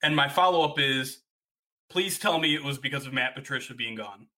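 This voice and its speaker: A man's voice: mid-range voice, fairly quick, bright, forceful tone. A man hosting a casual sports podcast, asking questions in an eager, playful way. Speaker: podcast host.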